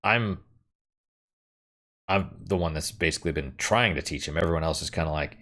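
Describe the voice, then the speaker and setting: A man's voice: low-pitched, normal speed, pauses often, fairly bright tone. A young man chatting casually and frankly while playing a game, rambling and swearing now and then. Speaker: gaming streamer.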